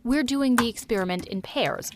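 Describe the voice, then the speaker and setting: A woman voicing a calm schoolteacher who welcomes a new student in a slow, measured way. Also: fairly high pitch, background noise, lightly acted.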